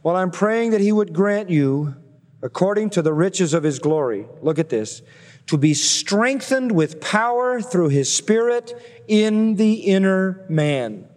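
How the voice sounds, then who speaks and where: Emphatic preacher in a reverberant hall. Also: male voice, high voice, expressive, darkish tone. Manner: emphatic, repetitive cadences with slow stressed phrases. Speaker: pastor. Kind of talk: expository sermon.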